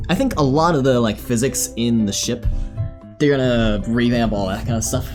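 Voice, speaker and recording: A man's voice: mid-range voice, normal speed, a little mellow, soft background music. A man chatting casually on a live stream, answering viewers in a rambling, easygoing way with plenty of fillers.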